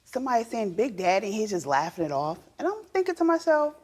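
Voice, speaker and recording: Brief: woman litigant, husky, animated courtroom testimony. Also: fairly high pitch, fast talker. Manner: animated storytelling, acting out her own past lines. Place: television courtroom set.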